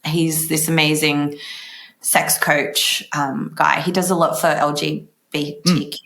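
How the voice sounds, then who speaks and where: An Australian woman, a guest columnist, chatting casually in an interview and telling a story with lively acted-out quotes. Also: low-pitched, a little slow, vocal fry. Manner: animated storyteller, acts out quoted voices.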